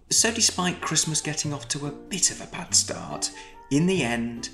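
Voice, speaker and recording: A man reading a children's storybook aloud in an expressive, storytelling way. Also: fairly high pitch, moderate pace. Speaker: storybook reader. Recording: echoey room. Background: faint background music.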